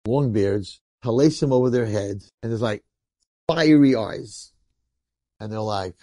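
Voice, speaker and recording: Brief: a rabbi spinning a story from the pulpit, chatty and animated, with a mellow, dry close sound. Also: male voice, on the low side, unhurried, dry recording. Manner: animated, colloquial, acts out the characters. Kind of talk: storytelling sermon.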